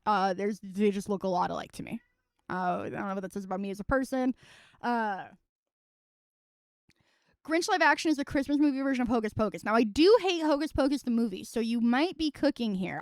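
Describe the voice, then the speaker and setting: High pitched young woman streamer, rambly and sweary, super dry sound. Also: dry recording. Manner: rambling, profane and wry. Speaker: streamer reviewing films. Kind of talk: casual chat on a live stream.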